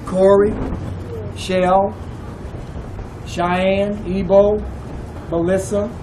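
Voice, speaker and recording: A man's voice: sits high, flat delivery, extremely slow. A man with a St. Louis accent, a reverend giving a rally speech outdoors with a preacher's cadence and emphatic repetition. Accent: St. Louis, Missouri. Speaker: reverend speaking at a protest rally. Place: outdoor street protest. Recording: distant outdoor mic with street noise.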